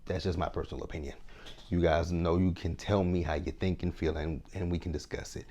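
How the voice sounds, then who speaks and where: A man's voice: deep voice, fairly even intonation, fairly quick, warm tone. A man in his thirties giving a frank, chatty TV recap, often checking in with his viewers. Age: 30s. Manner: chatty, frank, keeps asking "right?". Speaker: TV show reviewer. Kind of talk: casual recap commentary.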